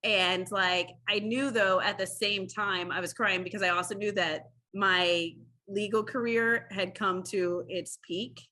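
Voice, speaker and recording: A woman guest on a podcast interview, a former public defender, telling stories in a lively, animated way and acting out quoted lines. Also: mid-range voice, unhurried. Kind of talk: casual interview storytelling.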